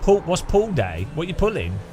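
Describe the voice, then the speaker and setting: A man's voice: a little high, wildly swooping pitch, normal speed, over music. A man streaming a game, rambling and joking with his chat in a self-mocking way. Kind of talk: casual live stream chat while gaming.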